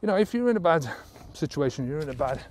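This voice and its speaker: Fairly high-pitched and quick, with big swings in pitch and a darkish tone, this man's voice carries a little hiss or hum. He's a sobriety coach talking to camera, bluntly and earnestly urging listeners to quit drinking, cursing casually and tossing in "right?" as he goes.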